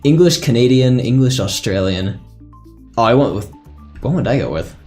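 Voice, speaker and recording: A man's voice: mid-range voice, animated, moderate pace, darkish tone, faint music behind. A man chatting casually on a live stream as a server admin, thinking aloud and laughing often.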